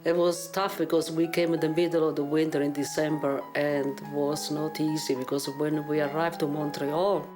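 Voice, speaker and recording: A woman's voice: sits low, normal speed, few pauses, music in the background. A woman in her sixties from Italy with an Italian accent, telling her story animatedly in a documentary interview. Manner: animated storyteller acting out dialogue. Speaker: interviewee, opera singer.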